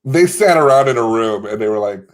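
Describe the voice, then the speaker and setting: A man co-hosting a comedy podcast in casual banter, teasing the others with quick jokes. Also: lowish voice, expressive. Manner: laughing, teasing, quick comic riffs. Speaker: podcast co-host.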